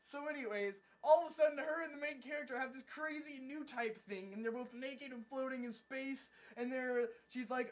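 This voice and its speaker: Brief: man with an unusually high voice, mocking cartoon recap, swears a lot, rambles. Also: normal speed. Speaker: anime reviewer. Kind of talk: casual comedic episode recap.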